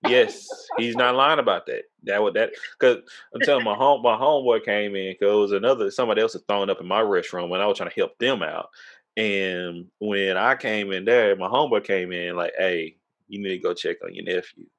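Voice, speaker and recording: A man's voice: fairly low pitch, a little fast, a bit bright. A man, telling a funny story in casual chat, emphatic and laughing often. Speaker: storyteller recounting a party.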